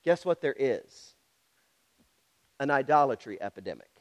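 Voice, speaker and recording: A man's voice: mid-range voice, expressive, moderate pace. A pastor preaching a sermon, speaking directly and challenging his congregation with repeated questions.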